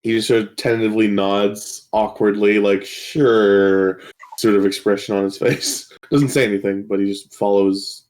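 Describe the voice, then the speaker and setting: A man's voice: lowish voice, fairly even intonation, moderate pace, a little mellow. Rambling man playing a tabletop game. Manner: loose, rambling with many likes. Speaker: player. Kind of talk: describing his character's actions.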